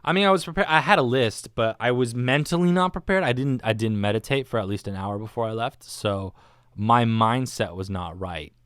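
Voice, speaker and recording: A man talks on his own podcast in a loose, rambling way, full of slang and jokes at his own expense. His voice sits a little low. The sound is dry and close to the microphone, with no room around it. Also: moderate pace, fairly bright tone, clear, resonant tone, no echo. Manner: rambling, self-mocking, slangy. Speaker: podcast host. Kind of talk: casual solo podcast monologue. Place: recorded alone, not live. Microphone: studio microphone.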